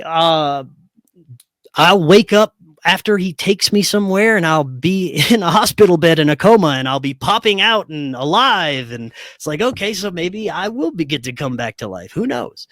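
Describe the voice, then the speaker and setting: A man with a voice a bit higher than most tells a personal story in a casual interview. He acts out what everyone said and laughs between lines. The sound is dry and close to the mic. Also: no room sound. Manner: animated storyteller who acts out dialogue, laughs often. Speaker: podcast guest.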